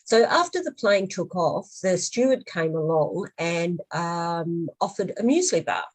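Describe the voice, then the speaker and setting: A woman's voice: lowish voice, expressive, measured pace, rough recording. A woman presenting a webinar who answers questions hesitantly, with frequent ums and restarts, and tells an anecdote.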